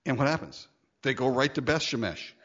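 A man preaching a Bible-teaching sermon, chatty and animated, often laughing and acting out quoted lines. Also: mid-range voice, a little fast, lo-fi sound. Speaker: pastor.

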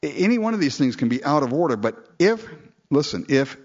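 Animated man preaching a sermon, lo-fi. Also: fairly quick. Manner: conversational, animated, mimics people in falsetto quotes.

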